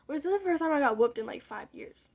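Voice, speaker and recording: A woman's voice: sits high, expressive, fast, darkish tone. A young woman telling a rambling, candid story in casual vlog style while doing her makeup, with muttered side remarks. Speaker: vlogger.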